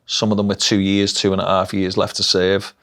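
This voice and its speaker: A man's voice: deep voice, monotone, brisk, a bit bright. A middle-aged man with a Liverpool Scouse accent, telling his life story bluntly and frankly in an interview. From Liverpool, England. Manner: blunt, dialect-heavy, frank. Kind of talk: candid personal storytelling.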